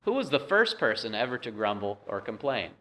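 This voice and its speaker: A man's voice: medium pitch, big pitch swings, a little fast, sharp tone. Man preaching a conversational sermon. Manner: conversational preaching with many "uh" fillers. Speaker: pastor.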